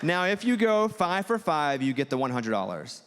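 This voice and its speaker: Southern guy doing stand-up in a big theater, mid-pitched, long reverb, faint room hum. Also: moderate pace, crowd noise. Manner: animated, jumps high when acting out quotes. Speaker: comedian and host. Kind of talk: stand-up storytelling to a theater crowd. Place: theater stage.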